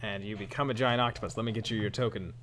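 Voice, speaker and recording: A man narrating as game master, relaxed and self-deprecating, with lots of ums. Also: fairly low pitch, racing.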